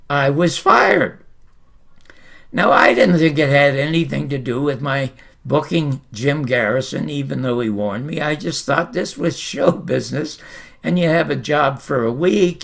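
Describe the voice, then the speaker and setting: An older man hosting his own show, telling anecdotes in a lively way and acting out quoted lines. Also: on the high side, vocal fry. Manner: animated anecdotal storyteller, acts out quotes. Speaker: host. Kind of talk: storytelling monologue.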